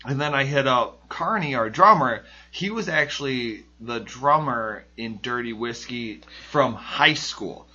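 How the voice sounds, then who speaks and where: A man's voice: mid-range voice, expressive, a little slow, hardly any pauses, sharp tone, husky. A man chatting casually on a podcast, telling a long story full of "like" and acting out his own quotes, on a dull lo-fi recording.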